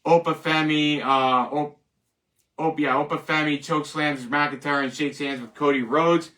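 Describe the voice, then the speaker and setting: A man's voice: fairly high pitch, steady tone, a little slow, sharp tone, recorded from a distance. A man hosting a casual solo show, rambling, joking and laughing at his own jokes. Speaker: host. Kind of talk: casual solo wrestling commentary.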